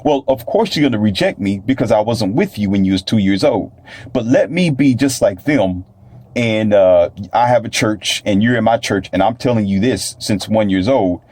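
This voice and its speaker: A man's voice: on the low side, expressive, normal speed, darkish tone. A man delivering a rambling, preachy solo monologue, sometimes mocking imagined doubters in a raised voice. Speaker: self-published author and talk host. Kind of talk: casual monologue.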